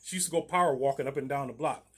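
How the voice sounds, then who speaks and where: A man's voice: mid-range voice, rapid-fire, fairly bright tone, slightly rough. A man, a landlord, telling a story about a tenant in a loose, slangy way, often laughing. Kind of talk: casual storytime vlog.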